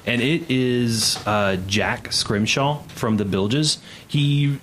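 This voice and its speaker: A man narrating as game master in a tabletop game, relaxed and descriptive. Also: medium pitch, takes it slowly, slight background noise.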